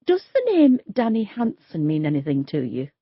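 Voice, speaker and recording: A woman voicing a calm, careful female police detective who asks measured questions, in an audiobook. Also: sits low, slightly rough, no echo, highs cut off, exaggerated voice. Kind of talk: audiobook character voice.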